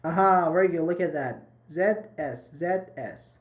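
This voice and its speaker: A man's voice: a little high, moderate pace. Encouraging man teaching English online. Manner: encouraging, repeats and rephrases points. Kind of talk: live online grammar class.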